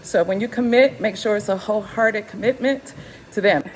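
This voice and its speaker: A woman's voice: mid-range voice, normal speed, poor audio. Woman in her 50s, kinda winded, pep-talking her viewers from the gym, faint noise. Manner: encouraging, preachy, emphatic. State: slightly out of breath. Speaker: YouTube channel host. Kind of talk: unscripted motivational vlog. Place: gym, walking on a treadmill incline.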